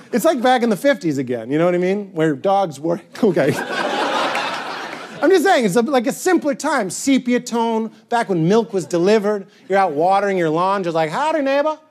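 High-voiced, goofy stand-up comedian. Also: male voice. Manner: animated, goofy, bursts into shouted bits. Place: comedy stage before a live audience. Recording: live audience laughter.

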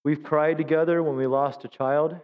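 Pastor with a higher voice, preaching in a reverberant church. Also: male voice, steady tone, normal speed, smooth, phone-quality sound. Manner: humorous storytelling, acts out quotes in high voices. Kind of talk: sermon. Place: church sanctuary.

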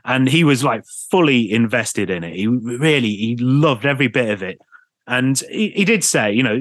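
English man, radio presenter, lively storyteller, middle pitch, dry close mic. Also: moderate pace, no echo. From England. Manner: lively storyteller, laughs often. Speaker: podcast guest, radio presenter. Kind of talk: casual anecdotal chat.

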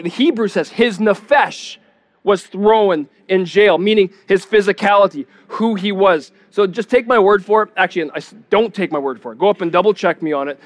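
High-voiced male pastor preaching. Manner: teaching, repeats words when searching, asks the congregation questions. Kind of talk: sermon.

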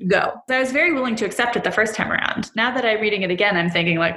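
A woman's voice: medium pitch, rapid-fire, bright, forceful tone, roomy sound, slight background noise. A young adult woman co-hosting a podcast, talking candidly and with some self-deprecation. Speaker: podcast co-host. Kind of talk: casual podcast chat.

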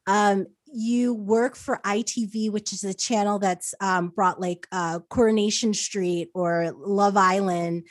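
A woman's voice: mid-range voice, steady tone, slow pace, hardly any pauses, no room sound, clean studio sound. A woman from the United States hosting a podcast interview, chatty and casual, full of filler words. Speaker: podcast host.

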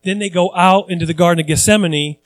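A man's voice: sits high, fast talker, dry recording, low-quality recording. A male pastor preaching a sermon in a conversational way, repeating phrases for emphasis and acting out the voices of people he quotes.

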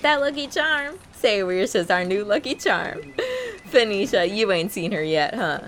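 A woman's voice: mid-range voice, sing-song, measured pace, a bit bright. A woman playing a sassy female customer service agent with sugary phone politeness. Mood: gossipy.

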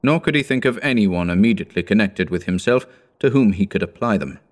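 A man narrating an audiobook in a measured, steady reading. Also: fairly low pitch.

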